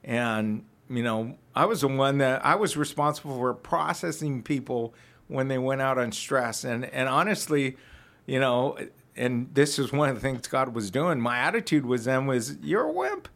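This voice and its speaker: A man's voice: mid-range voice, moderate pace, a bit bright. A man earnestly recounting his personal testimony in casual conversation, reflective and full of restarts. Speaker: ministry founder, podcast guest.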